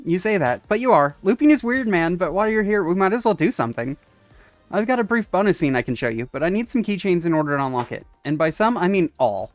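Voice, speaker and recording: A man on a dry, close mic plays through a story game, reading each character's lines aloud in a somewhat high voice and laughing now and then, with faint game music behind him. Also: big pitch swings, fast, dry recording. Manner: reads game text aloud, chuckles often. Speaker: let's-play streamer. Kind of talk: casual gameplay commentary, reading dialogue aloud.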